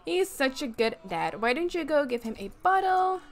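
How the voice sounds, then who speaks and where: A woman casually commenting on her gameplay, excitable and giggly, exclaiming often. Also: sits high, normal speed. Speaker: gaming YouTuber. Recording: fan noise in the background.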